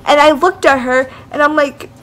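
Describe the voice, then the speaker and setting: A woman's voice: high-pitched, normal speed, fairly bright tone. A young woman vlogger telling a rambling story in casual chat, full of "like" and "whatever". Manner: rambling, heavy use of "like" and "whatever".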